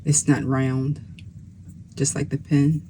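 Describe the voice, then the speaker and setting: A YouTube pen reviewer chatting casually while showing fountain pens, in an easygoing, unhurried way with frequent small restarts. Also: mid-range voice, completely flat delivery, mellow, a little hiss or hum, poor audio. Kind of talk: casual show-and-tell chat.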